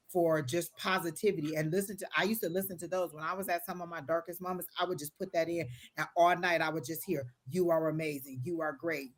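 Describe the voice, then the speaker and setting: A woman giving psychic readings to viewers on a live stream, talking in an earnest, repetitive, motivational way with casual phrasing. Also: low-pitched. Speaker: tarot and psychic reader.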